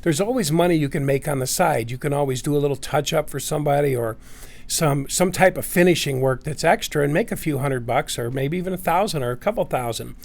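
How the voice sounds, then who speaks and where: A man's voice: fairly high pitch, fairly quick. A middle-aged man casually telling a long personal story, rambling with many fillers and restarts.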